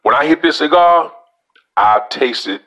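A man's voice: fairly high pitch, lively intonation, a little slow, sharp tone. A man with a Louisiana accent giving a casual cigar review, talking folksy and straight to his viewers as y'all.

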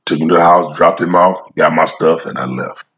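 A man's voice: rumbling low, moderate pace, fairly bright tone, highs cut off. A man talking casually in a rambling storytelling monologue, repeating phrases as he goes.

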